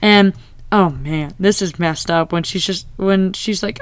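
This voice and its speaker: A woman recapping a show in easygoing conversation, her voice lowish and smooth. It sounds dry and close, with no room around it. She slips into little acted quotes as she talks. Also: normal speed, no room sound. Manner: animated, acts out quoted lines. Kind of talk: casual TV recap chat.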